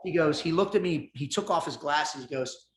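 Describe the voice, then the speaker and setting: A man with a fairly high voice tells his story with intense, animated energy. He swears freely and leans into every phrase. The room around him rings with echo. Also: moderate pace, a little hiss or hum. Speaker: podcast guest. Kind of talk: storytelling in casual conversation. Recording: roomy echo.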